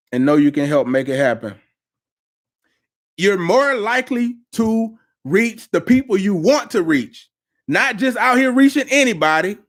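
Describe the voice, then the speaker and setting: A man coaching business owners on a live stream, emphatic and preachy, repeating his phrases for effect. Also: high voice. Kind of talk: live-stream pep talk. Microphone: live-stream mic.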